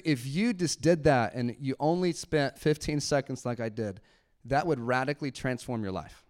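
A young man with a smooth, clear voice preaches a relaxed sermon to a congregation. He is conversational and playful, laughs easily, and slips into a soft, hushed tone when he demonstrates quiet prayer. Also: medium pitch, normal speed, hardly any pauses. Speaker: pastor. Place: church sanctuary before a congregation.

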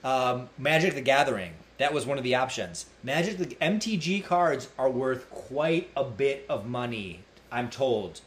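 Male co-host from the US, mid-pitched, laid-back banter with mock-formal touches. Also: animated, unhurried, few pauses. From United States. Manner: easygoing, mock-formal replies. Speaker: podcast co-host. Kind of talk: casual podcast banter.

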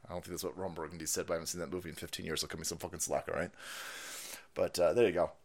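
A man hosting a livestream, ranting with heavy profanity and mockery, swinging from loud outbursts to low mutters. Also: level tone, rapid-fire. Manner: profane, mocking, swings between shouting and muttering, laughs often. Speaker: livestream host. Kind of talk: ranting live commentary.

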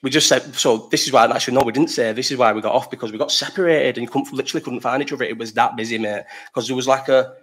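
A young man talks very fast on his live chat stream, his voice sitting at an ordinary mid pitch. He rambles, swears casually, and cuts himself off mid-sentence to answer viewers before diving back into the story. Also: steady tone, fairly bright tone, a little hiss or hum. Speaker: livestream host.

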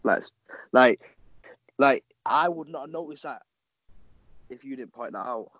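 A man's voice: medium pitch, a little slow, a bit bright, no room sound, highs cut off. A man as a guest on a casual podcast, rambling with many filler words and frequent laughter. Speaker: podcast guest, jiu-jitsu athlete.

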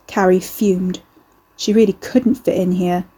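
A woman reading a novel aloud in steady scripted narration. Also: mid-range voice, normal speed, slightly rough, rough recording. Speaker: audiobook narrator.

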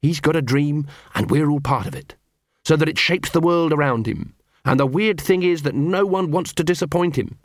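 A man narrating an audiobook in an expressive, lively reading voice. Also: fairly high pitch, moderate pace, dry recording, clean studio sound. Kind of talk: scripted narration.

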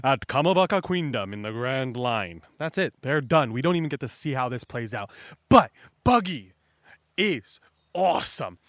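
Excitable male manga recapper, high lively voice, dry close mic. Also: no room sound. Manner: excitable, casual, self-correcting. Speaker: manga chapter reviewer. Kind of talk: casual recap and commentary.

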